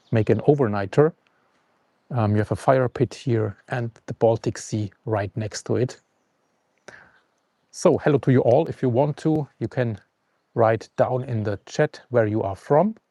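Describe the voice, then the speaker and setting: A man hosting a live stream from outdoors, calm and unhurried as he greets viewers and reads the news. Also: medium pitch, no echo. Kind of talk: casual live stream chat and news reading. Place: outdoors at a forest camp on the coast.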